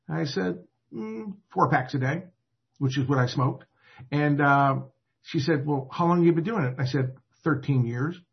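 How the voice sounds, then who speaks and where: A man's voice: a little high, normal speed. A man telling his own recovery story in a rambling, self-deprecating way, acting out what others said. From Atlanta area. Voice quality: husky. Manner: self-deprecating, rambling, restarts and acted quotes. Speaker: recovery speaker. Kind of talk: personal recovery story told to a group. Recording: dull lo-fi recording.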